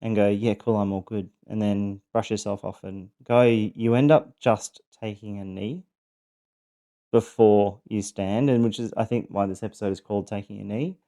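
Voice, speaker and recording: A man's voice: fairly low pitch, fairly even intonation, moderate pace, warm tone. A middle-aged man hosting a personal podcast, reflecting earnestly on recovering from abuse, with frequent ums and restarts. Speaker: podcast host sharing his survival story.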